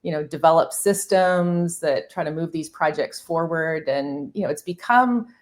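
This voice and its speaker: Her low voice moves at a moderate pace as this woman in her fifties, founder of a marketing agency, speaks candidly on a podcast. The interview is conversational, and she's chatty with many fillers and restarts.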